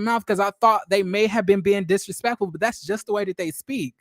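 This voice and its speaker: A man's voice: sits high, brisk, few pauses, dry recording, studio quality. Chatty profane young man commentator. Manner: chatty, profane, laughing often, many fillers and restarts. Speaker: reality TV commentator hosting a live stream. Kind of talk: casual reaction commentary.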